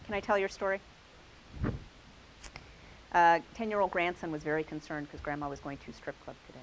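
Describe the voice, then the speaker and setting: A woman's voice: lowish voice, fairly quick. A woman hosting a quilting class, showing quilts to a live group and praising each one with enthusiasm. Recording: faint hiss.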